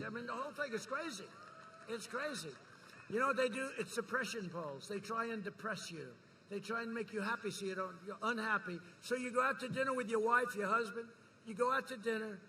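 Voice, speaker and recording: A man's voice: sits high, fairly quick, bright, forceful tone, slight background noise. A man giving a campaign rally speech, boastful and repetitive, rousing the crowd. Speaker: politician speaking at a campaign rally.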